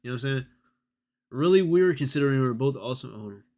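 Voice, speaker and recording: A male streamer reacts live in loose, profane slang. His comments carry a dry, mocking edge. His voice sits at an ordinary middle pitch. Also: animated, fast talker, mellow. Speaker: streamer host.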